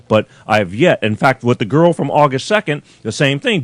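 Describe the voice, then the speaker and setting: A man's voice: mid-range voice, big pitch swings, normal speed, hardly any pauses, no room sound. A man hosting a live call-in show, complaining in an exasperated, rambling, profane way to his viewers. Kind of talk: live-streamed rant to viewers. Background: faint chill music.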